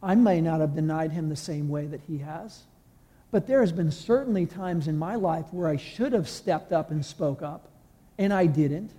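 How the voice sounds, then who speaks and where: A man's voice: fairly high pitch, moderate pace, mellow. Impassioned man preaching in a reverberant hall. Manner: impassioned, acts out quoted voices. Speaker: pastor. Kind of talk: sermon. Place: church hall.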